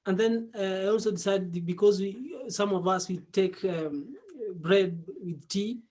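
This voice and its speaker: A man teaching a casual online Swahili lesson, repeating words slowly and laughing often. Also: sits high, fairly even intonation, darkish tone.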